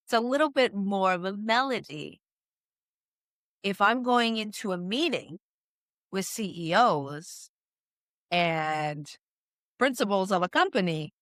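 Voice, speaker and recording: A woman talks listeners through advice on a podcast, in an unhurried and deliberate way. Her pitch sits in the ordinary middle range for a woman. The sound is close and dry, with no room around it. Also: fairly bright tone, no room sound. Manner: measured, coaching tone with frequent "right?" check-ins. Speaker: communication coach. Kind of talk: instructional podcast talk.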